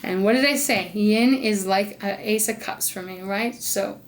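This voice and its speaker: A bubbly woman reads tarot in a casual, effusive monologue, gushing with excitement and dropping to soft murmurs. Her voice sits at an ordinary middle pitch. A faint hiss runs under the recording. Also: a little slow. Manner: talks to spirit, murmurs softly while drawing cards. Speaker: intuitive tarot reader.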